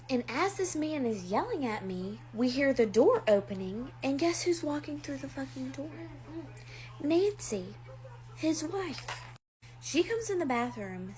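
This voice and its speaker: Chatty woman telling a dramatic story. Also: a little high. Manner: chatty, dramatic, many fillers. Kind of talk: casual storytime.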